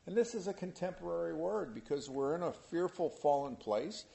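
A man's voice: on the high side, moderate pace, vocal fry, few pauses, darkish tone. A man leading an informal Bible study, reading scripture aloud and then explaining it in casual, everyday words to a small group. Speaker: Bible teacher.

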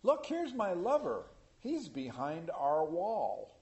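A man preaching a sermon in an animated way, rising to loud emphasis. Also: high voice, takes it slowly. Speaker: pastor.

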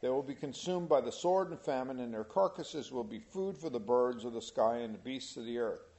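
A man's voice: mid-range voice, a little fast, darkish tone. A man leading an informal Bible study, reading scripture aloud and then explaining it in casual, everyday words to a small group. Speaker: Bible teacher.

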